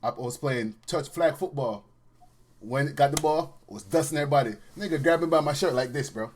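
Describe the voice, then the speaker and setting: A man's voice: a little high, slight background noise. A man with a Jamaican accent telling stories in a casual chat and dropping "bro" often. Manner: quick storyteller, repeats "bro".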